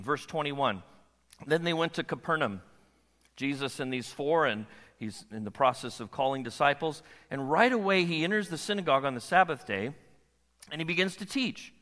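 Bright-voiced pastor preaching in a hall. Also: male voice, a little high, normal speed. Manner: animated, asks the audience questions. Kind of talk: sermon.

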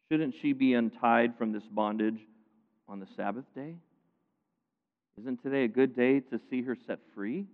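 A man preaching a sermon, retelling a scripture story with lively emphasis that swings between loud, pointed lines and quiet asides. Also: medium pitch, measured pace, pauses often. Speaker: pastor. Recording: phone-like sound with long hall reverb.

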